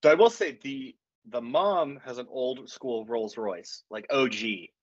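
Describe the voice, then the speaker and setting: A man's voice: medium pitch, measured pace, breathy edge, dry recording. A man co-hosting a podcast, chatting casually in a rambling, profane, jokey way. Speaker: podcast co-host. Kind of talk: casual chat. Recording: dull lo-fi podcast audio.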